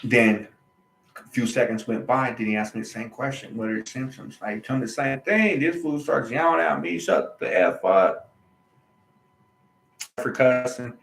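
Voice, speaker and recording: A man's voice: mid-range voice, steady tone, normal speed, creaky, a bit bright, reverberant, rough recording. A man, host of his own channel, telling a personal story in a casual, emphatic monologue. He repeats himself and uses colloquial slang.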